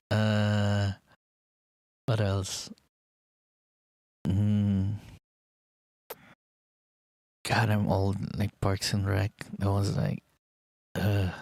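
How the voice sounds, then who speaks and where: A man's voice: fairly low pitch, darkish tone, dry recording. A young man rambling in casual chat, enthusiastic and swearing casually as he talks about a TV series. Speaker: vlogger.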